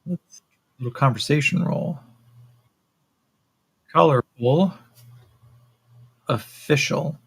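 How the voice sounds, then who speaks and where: A man narrating a solo tabletop role-playing game as game master, in a relaxed, rambling way with many fillers. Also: on the low side.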